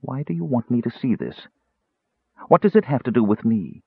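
A man's voice: mid-range voice, very animated, moderate pace, vocal fry, breathy edge, dry recording, pitched above the performer's own voice, heavily acted. A man doing a proud, frightened young priestess. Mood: suspicious. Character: proud, fearful young female cleric. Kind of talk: audiobook character voice. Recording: tinny phone-like audio.

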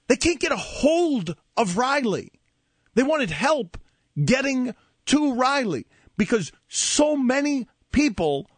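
High, lively male radio host. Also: breathy edge, no echo. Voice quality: voice cracking. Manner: exasperated, needling. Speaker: radio sports talk host. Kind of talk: sports radio banter. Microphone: studio mic.

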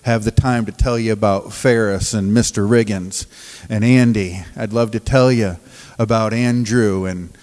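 A man preaching as a pastor of a recovery ministry, telling stories from the pulpit in a halting, restarting way and often laughing as he talks. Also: fairly low pitch, steady tone, darkish tone, long reverb tail. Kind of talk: sermon with storytelling. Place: church sanctuary.

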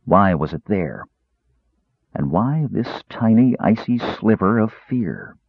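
Deep-voiced man narrating a fantasy story. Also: slow, vocal fry, slightly rough, dry recording. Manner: expressive storytelling. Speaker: audiobook narrator. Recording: dull lo-fi recording.

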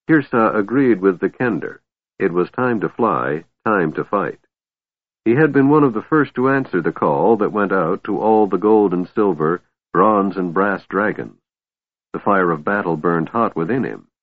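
A man narrating a fantasy audiobook in measured storytelling. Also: deep voice, husky, dry recording. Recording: tinny phone-like band, dry.

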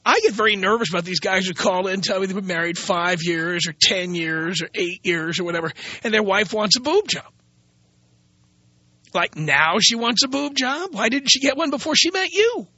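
A man's voice: high-pitched, lively intonation, normal speed, sharp tone, slightly rough, dry recording, muffled recording. A man hosting a radio talk show, delivering a blunt, sarcastic, opinionated monologue.

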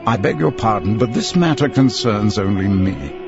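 A man voicing a cold, polite gentleman. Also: on the low side, animated, normal speed, lo-fi sound, over music. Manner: cold and precise.

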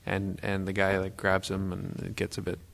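A man's voice: deep voice, monotone, normal speed, creaky, fairly bright tone. A man from English-speaking Canada co-hosting a casual film podcast, stammering and repeating words as he talks. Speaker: podcast co-host.

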